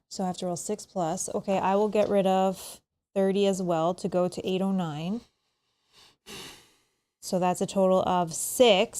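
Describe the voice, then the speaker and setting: A woman plays a board game and talks quietly through her numbers and rolls. Her voice sits at a middling pitch and her talk is casual. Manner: quiet, working through dice math aloud.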